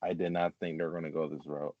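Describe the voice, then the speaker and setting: A man's voice: a bass voice, little pitch movement, fast, lo-fi sound. A man co-hosting a casual fan podcast, talking in a laid-back, rambling way full of "like"s. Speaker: podcast co-host. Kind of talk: casual chat.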